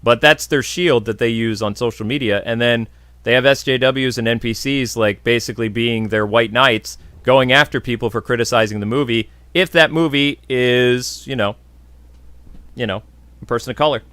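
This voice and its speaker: A man's voice: medium pitch, normal speed, a bit bright, clean tone, no room sound. A man hosting a podcast, casually answering viewer questions in a blunt, jokey, opinionated way. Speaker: podcast host.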